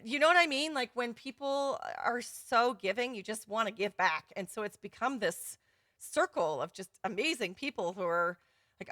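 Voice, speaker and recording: Here the same kind of livestream host sounds a little high and animated, speaking at normal speed with a fairly bright tone. The studio sound is clean with no echo as she talks casually to her students during a giveaway, chatty, effusive and often laughing.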